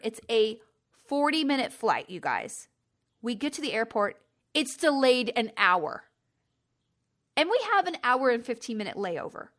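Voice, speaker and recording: A middle-aged woman hosting a podcast, telling a travel story in a chatty, exasperated way and jumping up in pitch for emphasis. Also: a bit bright. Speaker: podcast host. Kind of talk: casual storytelling monologue.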